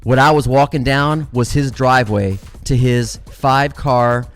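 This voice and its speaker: A middle-aged man, a comedian host, telling a long story in a casual, animated and profane way. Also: mid-range voice, unhurried, soft background music.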